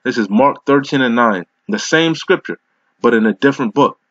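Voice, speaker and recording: Profane scolding preacher, muffled dry audio. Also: male voice, mid-range voice, expressive, fairly bright tone, no room sound. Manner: harsh, profane, scolding, slows to read verses. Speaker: street preacher. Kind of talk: confrontational sermon with scripture reading.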